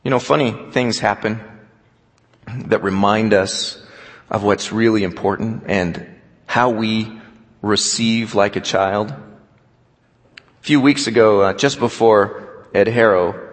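A man preaching a sermon, telling stories with animation and dropping to a quiet voice for scripture. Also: lowish voice, slow pace, long pauses. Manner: storytelling, animated, drops to quiet for quoted scripture. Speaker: pastor. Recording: long hall reverb.

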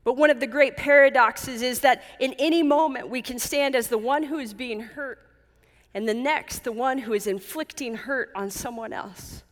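A woman's voice: sits high, fairly bright tone. Earnest woman preaching in a reverberant hall. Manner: earnest, measured, with emphatic repetition. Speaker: pastor. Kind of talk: sermon.

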